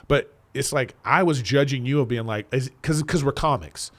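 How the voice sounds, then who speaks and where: A man's voice: mid-range voice, moderate pace, few pauses, over loud music. A man appearing as a comedian guest on a podcast, talking in casual chat, emphatic and swearing freely.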